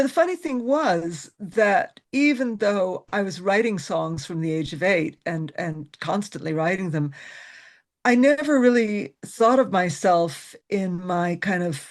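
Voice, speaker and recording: A woman's voice: medium pitch, expressive, unhurried. A woman singer-songwriter chatting in a casual interview, laughing often and poking fun at herself. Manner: laughs often, self-deprecating.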